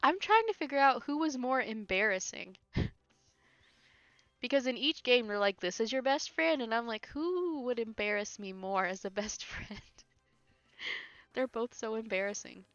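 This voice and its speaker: Bright, lively woman teasing through a game. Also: on the high side, moderate pace, no room sound. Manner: laughing often, teasing and sarcastic. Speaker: streamer. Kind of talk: casual gameplay commentary. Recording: dull lo-fi stream audio with faint game music.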